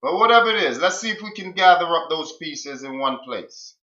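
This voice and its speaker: A man's voice: fairly high pitch, expressive, brisk, pushed and bright. A man commenting on a played clip. He is emphatic and repeats his questions to drive the point home. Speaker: streamer reacting to a clip. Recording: roomy, dull lo-fi sound.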